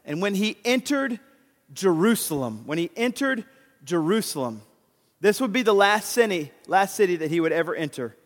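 A man preaching a sermon who reads scripture slowly and builds from hushed tones to fervent shouting. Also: high voice, big pitch swings, long reverb tail. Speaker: pastor.

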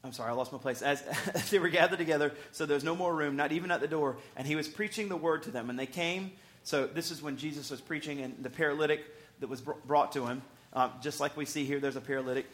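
Man, sermon, Bible teaching, a bit high-pitched, conversational, stumbling restarts, emphatic bursts. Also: fast talker, a bit bright. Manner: restarts and stumbles over words. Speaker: preacher.

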